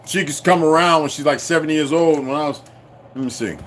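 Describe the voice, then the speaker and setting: A man ranting to his viewers in a profane, confrontational way, swinging between shouting and low muttering. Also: fast talker, slight background noise. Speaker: channel host. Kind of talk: unscripted rant to viewers.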